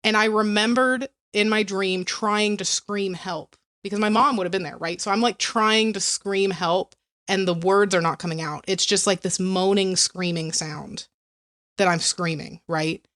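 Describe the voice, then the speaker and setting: A woman's voice: mid-range voice, fairly even intonation, a little slow, fairly bright tone. A woman co-hosting a podcast, telling a story casually and peppering it with "like" and "right?". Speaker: podcast co-host.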